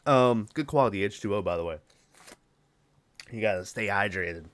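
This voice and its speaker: Alone on his podcast, a young man loosely retells the story of a horror movie, cursing and leaning on filler words as he rambles. He speaks at a moderate pace in a lowish voice that still sounds fairly bright.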